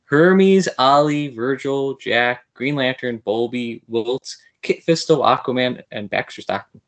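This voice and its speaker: A man hosting a podcast interview, excitable and apologetic as a starstruck fan. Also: medium pitch, unhurried. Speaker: podcast host. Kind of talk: casual interview chat.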